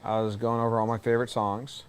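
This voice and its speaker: A man's voice: lowish voice, flat delivery, fast, smooth. A man co-hosting a baseball podcast, chatting loosely and joking while watching a game. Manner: joking, loose, swears casually. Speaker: podcast co-host. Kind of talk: casual chat watching a game.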